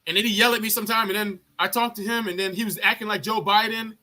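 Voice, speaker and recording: High, bright-voiced man telling army stories. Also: racing. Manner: profane, animated, acts out other people's lines. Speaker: army veteran telling a story. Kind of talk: casual storytelling on a live chat.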